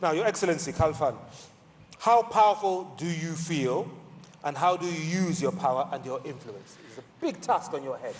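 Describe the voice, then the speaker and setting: Animated male moderator in a reverberant hall. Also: fairly high pitch, normal speed, slight background noise. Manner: animated, playful, theatrical emphasis. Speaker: panel moderator. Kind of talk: lively stage moderation. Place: large conference hall.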